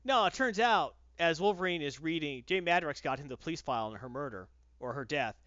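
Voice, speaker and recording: A man talks through a comic book in a casual podcast, his voice sitting a little high and leaping up and down as he rants with sarcastic exasperation. The sound is dry and dull, with a lo-fi edge. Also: animated, brisk, a bit bright, no room sound.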